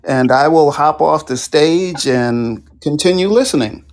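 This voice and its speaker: A man's voice: a little high, unhurried. A man from the audience who asked a question, enthusiastically affirming the answer. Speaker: audience member asking a question. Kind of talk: casual call-in talk.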